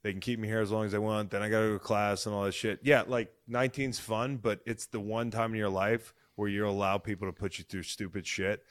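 A man in his thirties chatting on a sports podcast in a somewhat low voice. He gets loud and excitable fast and swears freely as he goes. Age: 30s. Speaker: podcast host. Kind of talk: casual sports chat.

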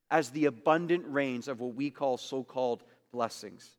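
A man preaching a sermon as pastor, emphatic and repetitive, swinging between loud bursts and hushed asides. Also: mid-range voice, normal speed, few pauses, long reverb tail.

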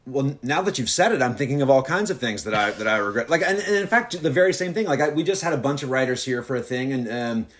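A man with an Alabama accent chatting haltingly as a podcast guest, then reading aloud from his own novella. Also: mid-range voice, expressive. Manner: halting, many fillers and restarts when chatting.

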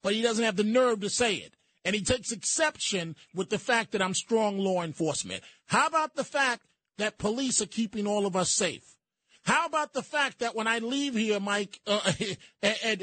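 A man hosting a call-in radio talk show, firm and quick to cut callers off. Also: high voice, a bit bright, dry recording.

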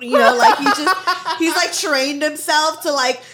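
A woman's voice: high voice, unhurried, slight background noise. A woman hosting a casual podcast chat, telling stories with many fillers and frequent laughter. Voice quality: laughs often, lively storytelling with many "like"s. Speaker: podcast host.

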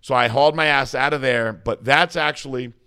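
A man's voice: medium pitch, a little fast, pushed and bright, smooth. A man guest coach telling a story in a casual interview, swearing freely and mimicking others in a raised voice. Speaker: podcast guest, bodybuilding coach.

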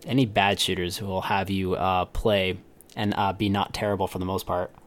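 Male podcast co-host, low-ish pitch, chatty and meandering. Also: little pitch movement, normal speed. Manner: rambling, loses his train of thought. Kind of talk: casual chat.

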